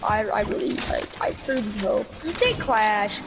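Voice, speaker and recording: Jokey woman gamer, fairly high voice. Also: unhurried, low-quality recording. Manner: jokey, excitable, rambling. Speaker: gaming YouTuber. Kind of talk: casual gameplay banter.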